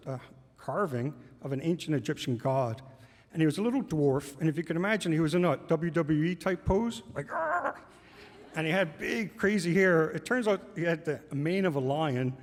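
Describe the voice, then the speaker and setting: A man's voice: a little high, darkish tone. A man telling a personal story on stage to a live audience, conversational and amused. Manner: conversational, amused, laughs through lines. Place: stage in a large hall. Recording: long hall reverb.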